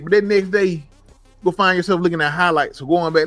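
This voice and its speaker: A man's voice: sits high, fairly quick, fairly bright tone, faint music behind. Rambling man in casual podcast chat. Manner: rambling, with many restarts. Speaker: podcast co-host.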